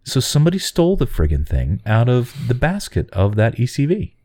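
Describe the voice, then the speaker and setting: A man's voice: medium pitch, huge pitch swings, fairly quick, mellow. A middle-aged man co-hosting a casual podcast, telling a story with exasperated asides. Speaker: podcast co-host.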